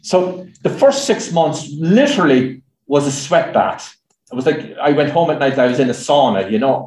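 An Irishman who works as a journalist and speaker takes questions from the audience at a talk, rambling through anecdotes with lots of fillers. His voice is on the high side and darkish, with lively intonation and a moderate pace. There's a roomy echo on the recording.

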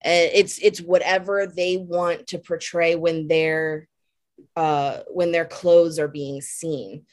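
A young woman, a makeup artist guest, chatting casually and telling lively stories on a podcast. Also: lowish voice, slow pace. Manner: animated storyteller, laughs while telling.

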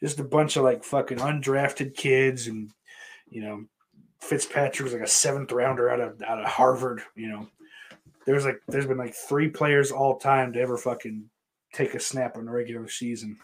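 A man from Western New York streams and chats loosely with his viewers at a medium pitch. He rambles from one topic to the next, swears constantly and keeps breaking off mid-sentence to restart. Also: steady tone, moderate pace. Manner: rambling, profane, self-interrupting. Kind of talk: casual chat answering viewer questions.

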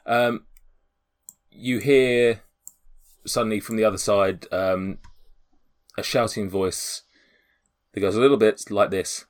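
A man's voice: on the low side, fairly even intonation, slow pace, long pauses. A man running a tabletop game as game master, talking hesitantly with many fillers.

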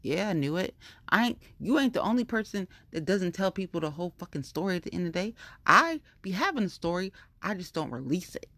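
A woman rants in a heated, profane monologue, circling back to the same complaints again and again. Her voice sits low, and it is recorded close and dry with no room sound around it. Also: sing-song, a little fast, a bit bright, no echo. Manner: profane, heated, repetitive venting. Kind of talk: casual ranting monologue.

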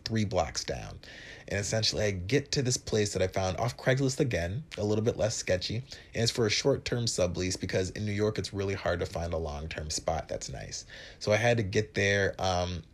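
A man in his twenties from Wisconsin telling a story on his podcast in a casual, joking, profane way, often putting on higher voices for other people's lines. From Wisconsin, USA. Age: 20s. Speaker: podcast host.

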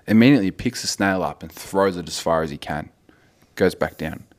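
A young man co-hosting a podcast in casual chat, telling quick gags and bluntly grossed out by food talk. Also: sits low. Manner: jokey, tells short gags, blunt and squeamish. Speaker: podcast co-host.

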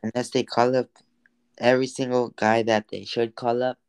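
A man's voice: mid-range voice, level tone, moderate pace, darkish tone, clear, resonant tone, dry recording, low-quality recording. A young man co-hosting a casual sports podcast, matter-of-fact and brief. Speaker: podcast co-host.

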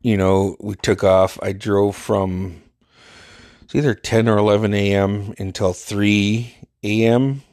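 A man's voice: lowish voice, level tone, slow, darkish tone, dry recording, clean studio sound. A man casually telling a profane, exasperated story and acting out what people said. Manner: profane, exasperated, acts out quotes.

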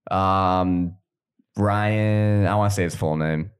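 A man's voice: deep voice, slow pace, clean tone. A young man in casual chat, telling stories between bursts of laughter. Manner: storytelling, animated with laughter.

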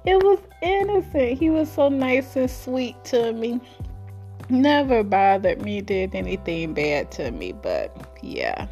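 A woman casually telling a personal story in her own series, chatty and colloquial, breaking into high giggles. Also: sing-song, takes it slowly, darkish tone, faint music behind. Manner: laughs often, with high giggles while telling stories; chatty and colloquial, with many fillers.

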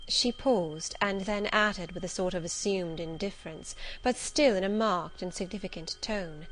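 A woman narrating a classic novel in a clear, measured, expressive reading. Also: on the low side, a little hiss or hum, poor audio. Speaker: audiobook narrator.

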